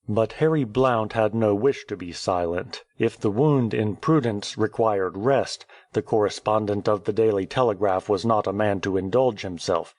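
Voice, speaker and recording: A man reading a classic novel aloud as an audiobook narrator, steady and measured. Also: lowish voice, dry recording. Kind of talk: scripted narration.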